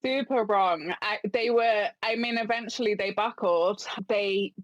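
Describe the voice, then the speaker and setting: A woman from London, a guest on a podcast, telling a story in a casual, animated way, often laughing and acting out dialogue. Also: mid-range voice, unhurried, no room sound, lo-fi sound. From London, England. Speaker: podcast guest, business owner.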